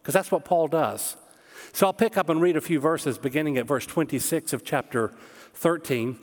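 A man preaching from the pulpit with a fairly high voice, emphatic and direct, and he often turns to his listeners with rhetorical questions. His voice carries a long reverb, as in a large church sanctuary. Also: moderate pace. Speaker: pastor. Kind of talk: sermon.

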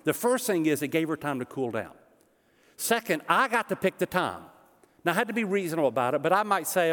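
A middle-aged man preaching a sermon as pastor, conversational and animated, joking with the congregation. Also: on the high side, fairly quick. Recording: long church hall reverb.

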